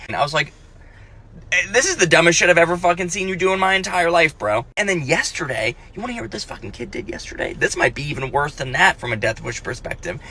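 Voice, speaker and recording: A man's voice: fairly high pitch, fast, bright, forceful tone. A man in his thirties telling profane comic stories about his kids, ranting and acting out their voices. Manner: ranting, swears heavily, acts out his kids' voices. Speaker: comedian and parent. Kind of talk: profane comedic storytelling.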